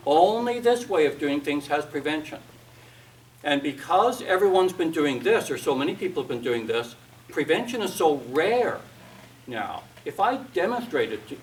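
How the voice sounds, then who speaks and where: A man giving a seminar talk on discipline, telling stories and acting out what parents, teachers and children say, with dry humor. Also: fairly high pitch. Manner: storytelling, acts out quoted parents and kids, wry humor. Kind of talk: seminar talk with acted anecdotes. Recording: distant mic with faint background noise.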